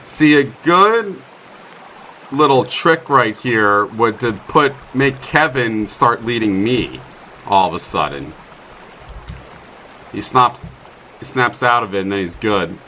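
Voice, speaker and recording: A man's voice: medium pitch, animated, takes it slowly, pauses often, pushed and bright, slight background noise. A young man commentating his own gameplay in a chatty, self-mocking way, with sudden startled outbursts. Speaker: streamer playing a survival game. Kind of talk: let's play commentary.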